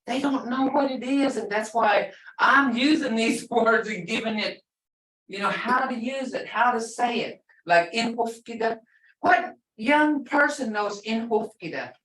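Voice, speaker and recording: A woman's voice: a little high, a little slow, a bit bright, a little hiss or hum. An older woman teaching a language class, explaining patiently and repeating words, often with a laugh. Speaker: language instructor. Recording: echoey room, far from the mic.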